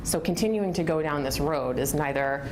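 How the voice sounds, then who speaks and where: A woman objecting as an attorney in a deposition, firm, measured and procedural. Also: low voice, darkish tone. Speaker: attorney for the city. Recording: archive recording with clear background noise.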